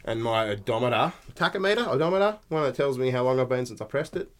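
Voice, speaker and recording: A man rambles through casual podcast banter, joking and swearing as he goes. His pitch swings about freely, and his nose sounds blocked up. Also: animated, fast. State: congested sinuses. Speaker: podcast co-host. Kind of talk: casual chat.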